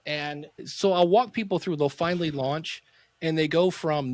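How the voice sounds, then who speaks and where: Animated man telling stories, bright-pitched. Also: moderate pace, dry recording. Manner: lively, acts out quoted dialogue. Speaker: podcast coach and guest. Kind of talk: casual interview storytelling.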